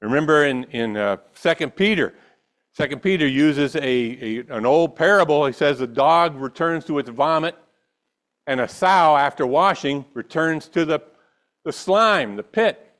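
A man's voice: on the high side, animated, a little slow, fairly bright tone. A man preaching a sermon, reading scripture and then pressing his listeners with rhetorical questions and emphatic repetition. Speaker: pastor.

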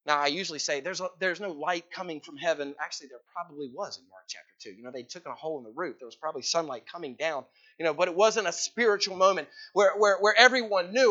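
A man with a high, bright voice preaches a sermon in a church hall, talking casually and quizzing his listeners by name. The recording sounds a little dull and lo-fi. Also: expressive, fast. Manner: conversational, teasing the congregation with questions.

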